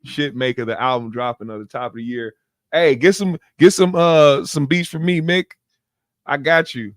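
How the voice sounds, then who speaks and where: A man co-hosting a podcast in casual chat, joking and profane in quick banter on a close studio mic. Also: medium pitch, no echo. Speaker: podcast co-host.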